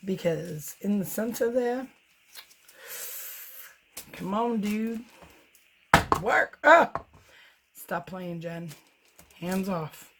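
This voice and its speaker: Painting in her home studio, a middle-aged woman who does acrylic pours talks casually and meanders, poking fun at herself. She speaks slowly in a mid-range voice with long pauses, and background noise is present.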